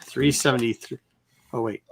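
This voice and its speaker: Gravelly man sorting comics, swearing. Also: mid-range voice, fairly even intonation, normal speed, noisy background. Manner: swears often, mutters while reading. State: voice cracking. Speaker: host. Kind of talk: casual chat while sorting comics.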